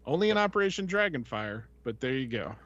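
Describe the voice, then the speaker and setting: A man's voice: medium pitch, sing-song, fast talker, fairly bright tone. A man hosting a podcast, telling a casual, rambling story full of fillers and voices he quotes. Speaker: podcast host. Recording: dull lo-fi, dry sound.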